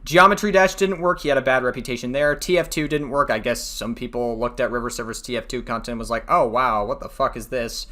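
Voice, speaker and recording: A man's voice: medium pitch, fast talker, hardly any pauses, bright, forceful tone. A man doing casual commentary on online drama, rambling and profane, laughing at his own jokes.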